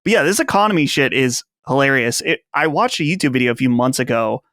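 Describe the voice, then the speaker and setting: A man co-hosting a podcast in casual chat, speaking in a measured, relaxed way. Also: medium pitch, dry recording, clean studio sound. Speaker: podcast co-host.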